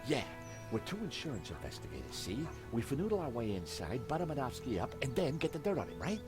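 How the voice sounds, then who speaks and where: A man's voice: medium pitch, huge pitch swings, fast, loud music behind the voice. A wry male investigator. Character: quick-witted male investigator, adult. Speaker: game protagonist investigator. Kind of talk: video game voice acting.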